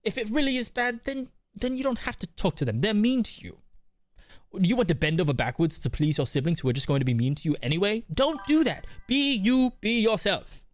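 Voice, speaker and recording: A man's voice: sits high, lively intonation, brisk, no echo, pitched above the performer's own voice. A man doing a put-on British accent while giving emphatic advice.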